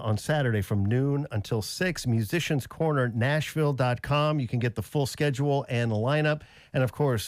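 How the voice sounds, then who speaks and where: A man's voice: medium pitch, no room sound, studio quality. A man hosting a morning radio show, reading out event details and wrapping up in an upbeat way. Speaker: radio host. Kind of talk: radio host chat and announcements. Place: radio studio.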